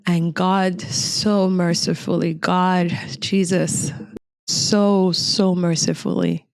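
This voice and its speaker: A middle-aged woman from Cameroon tells a personal story with earnest, emotional weight. Her voice sits on the low side and moves in a narrow, level band, delivered at an unhurried pace. The sound is smooth and clear, recorded close and dry. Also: level tone, no echo. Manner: earnest, emotional recounting of a frightening memory. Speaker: podcast guest.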